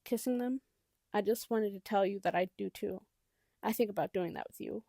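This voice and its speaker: A woman reading as a shy teenage boy opening up, with soft, hesitant speech. A light gravelly texture runs through the voice, and it is recorded close and dry. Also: mid-range voice, normal speed, dry recording. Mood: tender.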